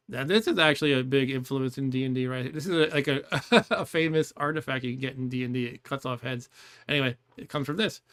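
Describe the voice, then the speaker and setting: Man, game streamer, casual commentary, chatty, mid pitch, laughs often. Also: quick pace, fairly bright tone, clean tone.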